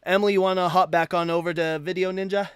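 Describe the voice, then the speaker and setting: Animated, high-voiced livestream host man. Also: fast talker, clear, resonant tone, no echo. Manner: animated, repeats and restarts words. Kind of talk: casual live-stream chat.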